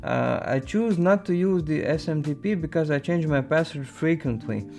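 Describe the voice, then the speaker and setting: A man's voice: on the high side, moderate pace, gravelly, hardly any pauses, a little mellow, faint music behind. A man hosting a casual show, reading viewer emails aloud and adding playful asides. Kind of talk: casual chat.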